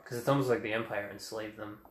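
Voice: medium pitch, fairly even intonation, fast talker, a little hiss or hum. A co-host in casual chat who drops dry, joking asides. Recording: echoey room.

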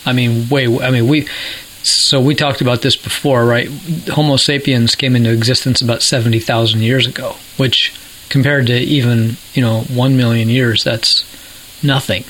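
A man's voice: mid-range voice, level tone, moderate pace, a bit bright, a little hiss or hum, low-quality recording. A man explaining things in a casual podcast chat, with jokey asides.

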